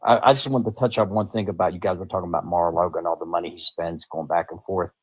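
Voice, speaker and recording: A man's voice: low voice, fairly even intonation, fast, breathy edge, rough recording. A man calling into a debate stream, argumentative and insistent. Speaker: guest caller. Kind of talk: debate chat.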